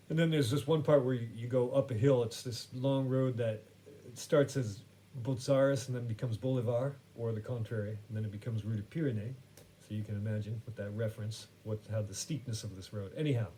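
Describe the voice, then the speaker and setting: A man's voice: on the low side, warm tone, slight background noise. A man hosting a podcast who tells a story in a wry, rambling, self-correcting way. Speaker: podcast host. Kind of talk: casual storytelling monologue.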